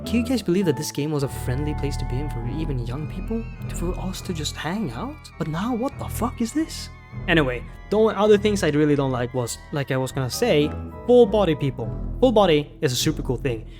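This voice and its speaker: A man with a fairly high voice rants in a loose, rambling way, swearing freely and sounding fed up. He talks like a gaming YouTuber doing commentary, with faint music playing under him. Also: very animated, brisk, darkish tone. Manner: rambling, profane, exasperated. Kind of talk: ranting commentary.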